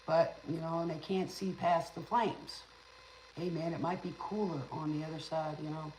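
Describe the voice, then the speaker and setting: A tarot reader and spiritual teacher rambles casually on a livestream in a teacherly way, adding sarcastic asides and stuttering now and then. Her voice is medium-pitched, steady, a little mellow and moderately paced, in a roomy space with faint background noise.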